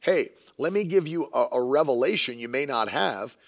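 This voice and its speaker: A man's voice: medium pitch, lively intonation, moderate pace. A man preaching a sermon in an emphatic way, repeating lines for stress and mocking the views he argues against.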